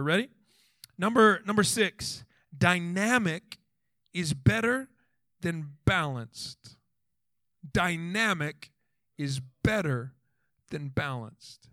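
A man in his thirties delivering a sermon with a fairly high voice. He jumps between earnest counsel and playful mini-scenes of couples talking, asking the crowd question after question. The recording is dry and close, with little room sound. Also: no room sound. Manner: animated, acts out quoted voices, rhetorical questions. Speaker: pastor.

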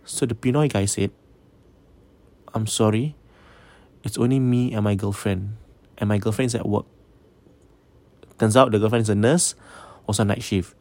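A man's voice: lowish voice, fairly even intonation, moderate pace, long pauses, darkish tone. A man casually telling a ghost story, mixing English with Malay and often checking in with his listeners.

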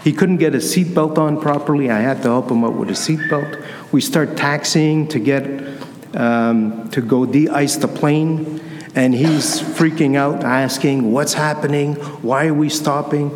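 A man's voice: mid-range voice, measured pace, darkish tone, a little hiss or hum. A man giving a Sunday homily, telling a personal story in a conversational way and acting out the dialogue. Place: church. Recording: echoey church with long reverb, faint ambience.

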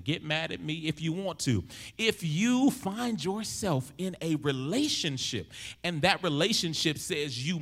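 Man, preacher, conversational sermon, slightly high voice, acts out quotes, repeats lines. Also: fairly bright tone.

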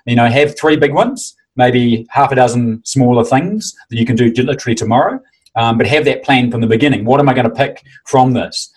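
A man's voice: mid-range voice, brisk, husky, low-quality recording. A man who runs a fitness convention, chatting enthusiastically and acting out quotes as he tells stories. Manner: enthusiastic, animated storytelling with mimicked quotes. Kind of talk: casual conversation.

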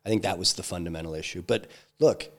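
A man with a very deep, low voice recounts a hard personal episode in an interview. He talks haltingly, restarting sentences and filling gaps with ums. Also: vocal fry. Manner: halting, many restarts and fillers. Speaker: interview guest, entrepreneur. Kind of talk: candid personal storytelling.

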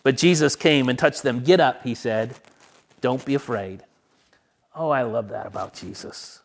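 A middle-aged male pastor giving a sermon, earnest, often dropping to a soft voice to repeat a phrase for emphasis. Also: mid-range voice, measured pace, vocal fry.

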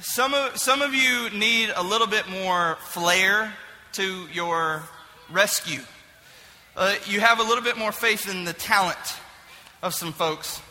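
A man giving a comic sermon illustration to a live audience, animated and jokey, often shouting for emphasis. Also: high voice, unhurried, big-room sound, a little hiss or hum, poor audio. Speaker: speaker addressing a live audience.

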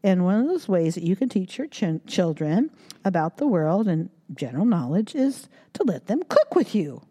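A woman's voice: fairly low pitch, big pitch swings, normal speed, mellow, big-room sound. A woman hosting a children's podcast, reading a story with playful sound effects, then giving tips to parents.

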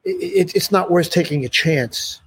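An older man tells loose, rambling stories in an interview. His voice is husky and sits a little high, and he keeps circling back with "you know". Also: moderate pace, a bit bright. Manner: rambling, full of "you know" and restarts, laughs often. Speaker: musician guest. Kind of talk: casual interview storytelling.

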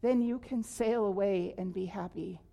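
A woman reading aloud and voicing a gentle, giving female apple tree in a tender, slow storybook manner. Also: mid-range voice, creaky, lightly acted. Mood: kind.

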